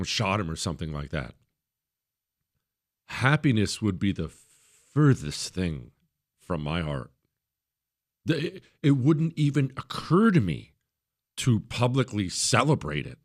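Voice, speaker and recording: A middle-aged man delivers a forceful talk radio monologue in an ordinary, mid-pitched voice. He leans hard on his points and now and then jumps into a shrill, mocking imitation of the people he criticizes. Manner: emphatic, swings into high mocking voices when quoting others. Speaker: radio talk show host.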